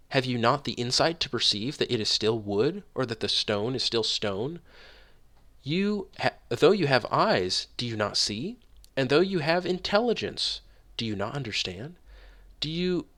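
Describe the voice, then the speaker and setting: A man reading early writings aloud and commenting on them in an emphatic way, slowing down and pushing hard on key words. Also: medium pitch, fairly bright tone. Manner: emphatic, rising on key words, slows down for stress. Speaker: online religious commentator.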